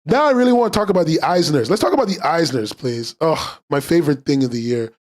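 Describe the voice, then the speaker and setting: A male podcast host chatting on a live stream in a slightly high voice. He rambles, curses freely and gets worked up quickly while answering his chat. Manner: excitable, profane and rambling, reacting to chat. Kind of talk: casual livestream chat.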